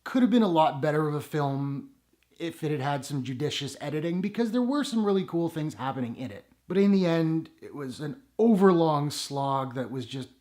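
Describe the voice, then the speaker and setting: Man, movie review vlog, casual, wry, sarcastic, slightly high voice. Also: animated, moderate pace, a little mellow. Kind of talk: casual spoken review to camera.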